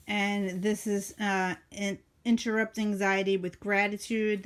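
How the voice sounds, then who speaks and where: A woman's voice: mid-range voice, clean tone. A middle-aged woman casually flipping through her journal and talking about it, chatty and rambling with many fillers and restarts. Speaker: journaling vlogger.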